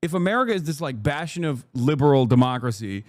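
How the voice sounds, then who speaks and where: A man's voice: medium pitch, lively intonation, fast talker, dry recording. A man reacting to an interview clip in casual commentary, blunt and profane, mocking the clip and laughing often.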